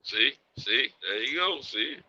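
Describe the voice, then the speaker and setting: A man's voice: mid-range voice, animated, takes it slowly, pushed and bright, slightly rough, no room sound. A man joining a live stream as a guest, boastful and joking in casual chat. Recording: dry, lo-fi call audio.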